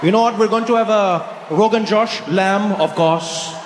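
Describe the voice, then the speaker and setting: Man playing a show-off ordering for the table in a thick put-on accent, loud, slow, very formal, echoey hall. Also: high voice, lightly acted. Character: the narrator himself, showily ordering food in an exaggerated put-on accent. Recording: echoey hall with faint noise.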